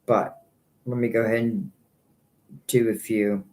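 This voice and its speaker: A man's voice: fairly low pitch, flat delivery, unhurried, darkish tone. A man giving psychic tarot readings on a live stream, rambling and thinking aloud, earnest and a little hurt by critics.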